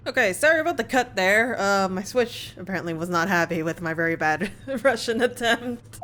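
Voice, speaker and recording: A woman's voice: mid-range voice, animated, normal speed, fairly bright tone, slight background noise. A woman hosting a video game playthrough, making giggly, self-deprecating asides in casual commentary. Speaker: let's play host.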